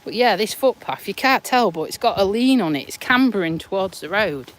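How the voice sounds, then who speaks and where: A woman's voice: medium pitch, animated, brisk. An English woman chatting to her live viewers while she walks along a roadside footpath, teasing and laughing often, a little out of breath, speaking into a hand-held phone. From England. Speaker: vlogger. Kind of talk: casual live-stream chat. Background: passing traffic.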